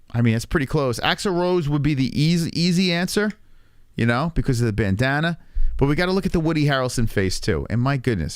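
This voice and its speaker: Male stream host, loose and crude, lively pitch, dry close mic. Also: no echo. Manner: rambling, crude, joking, reads out chat. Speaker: livestream host. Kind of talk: casual livestream chat.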